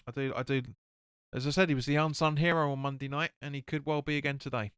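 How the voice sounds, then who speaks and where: A man's voice: on the high side, steady tone, quick pace, fairly bright tone, clean tone, no room sound, clean studio sound. A man hosting a live football watch-along, calling the play and chatting with viewers as he reads their comments. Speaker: fan watch-along host.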